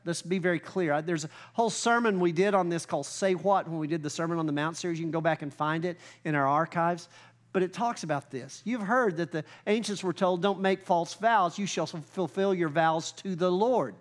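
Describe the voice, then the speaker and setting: A pastor preaching a sermon, reading scripture slowly and rising in volume when he gets fired up. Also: fairly high pitch.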